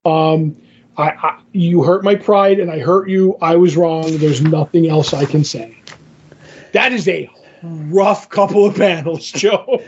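A man's voice: a little high, a little slow, a little mellow, muffled recording, slight background noise. A man co-hosting a casual podcast, animatedly retelling comic book scenes and quoting the characters. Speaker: podcast co-host.

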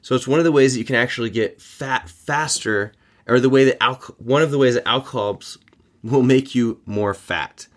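A man hosting a fitness podcast, talking informally with joking asides and quick self-corrections. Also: medium pitch. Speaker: podcast host. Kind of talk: casual fitness podcast monologue.

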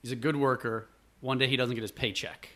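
A man from Buffalo, New York, telling a family story in casual chat as the guest, lively and rambling, acting out quotes along the way. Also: medium pitch, brisk.

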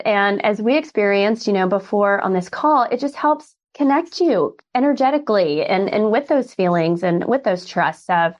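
A woman speech-language pathologist in a casual conversation, talking in an animated way and acting out what she and others say. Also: medium pitch, normal speed, few pauses. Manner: animated, acts out quoted speech. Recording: dull lo-fi sound.

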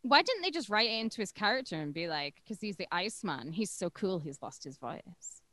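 A woman co-hosting a podcast, chatting casually in a blunt, profane, animated way. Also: medium pitch, brisk, dry recording. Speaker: podcast co-host. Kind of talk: casual chat.

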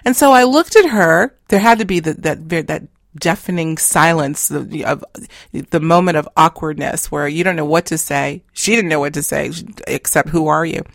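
A woman's voice: sits low, moderate pace, vocal fry, no echo, clean studio sound. A middle-aged woman telling anecdotes in a casual, chatty way, acting out what others said. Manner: chatty, animated storyteller who acts out quoted lines. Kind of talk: casual storytelling talk.

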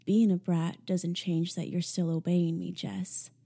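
Brief: dominant young man, low and mellow, slow taunting commands as read by a woman. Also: flat delivery, vocal fry, slightly rough, exaggerated voice.

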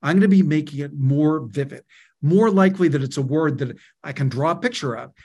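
Energetic middle-aged male guest on a video call, a bit high-voiced, punchy and emphatic. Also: brisk, slightly rough. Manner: energetic, emphatic, repeats key words in lists. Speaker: guest, media co-founder and author. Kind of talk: webinar interview, explaining and telling anecdotes.

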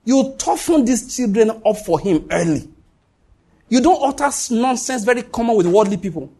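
A man's voice: very high voice, lively intonation, normal speed, dark tone, husky. A man preaching a sermon as pastor, emphatic, repeating his points and swinging his voice up and down.

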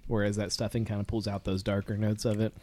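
Low-voiced man describing flavors calmly. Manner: measured, descriptive about flavors. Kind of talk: casual chat.

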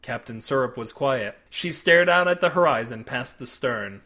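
A man narrating an audiobook in a wry, deadpan comic way. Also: mid-range voice, normal speed, hardly any pauses. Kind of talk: scripted narration.

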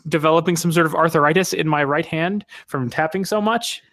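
A man's voice: fairly high pitch, fairly quick, a bit bright, slight background noise. A man co-hosting a podcast, teasing and wisecracking in casual chat. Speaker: podcast co-host.

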